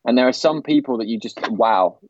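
A man's voice: medium pitch, lively intonation, brisk, no echo, lo-fi sound. A man who works as a sports broadcaster, talking candidly as a guest, rambling and restarting his sentences. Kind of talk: casual podcast chat.

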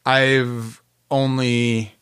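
A man co-hosting a podcast, chatting casually about music, laid-back and quick to laugh, with lots of filler words. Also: mid-range voice, little pitch movement, fairly bright tone, smooth. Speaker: podcast co-host.

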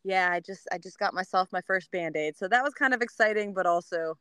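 A woman co-hosting a podcast, telling a story in casual chat, swearing freely and acting out quotes in a high voice. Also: a little fast, bright, forceful tone, smooth, no room sound. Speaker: podcast co-host.

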